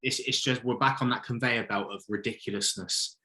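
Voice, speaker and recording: A man's voice: mid-range voice, brisk. Opinionated man talking football. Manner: opinionated, animated, mock-quotes others in put-on voices. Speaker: podcast co-host, football fan. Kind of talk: casual football chat.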